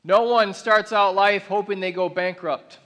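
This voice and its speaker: In what sounds like a large church auditorium with a long reverb, a pastor gives an earnest sermon. His rather high voice is steady and a bit bright, and he slows into drawn-out, weighty phrases that build to emphatic declarations.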